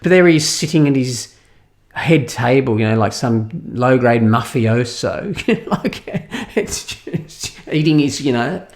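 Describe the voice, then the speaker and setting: A man's voice: mid-range voice, animated, measured pace. An Australian man giving an opinionated film review, talking in an incredulous, ranting way with scoffing laughs. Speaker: movie reviewer.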